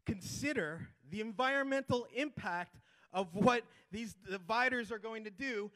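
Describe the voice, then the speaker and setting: A man giving a lively conference talk as a restoration manager, rallying the audience with chants and quick asides. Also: very high-pitched. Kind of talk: energetic presentation with crowd call-and-response. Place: conference hall before a live audience.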